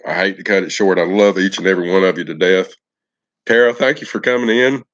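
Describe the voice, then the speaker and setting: Folksy guy chatting to his viewers live, lowish voice, kinda dull lo-fi audio. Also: quick pace, fairly bright tone. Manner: folksy and affectionate, addresses viewers by name. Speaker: live-stream vlogger. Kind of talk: casual live-stream chat with viewers.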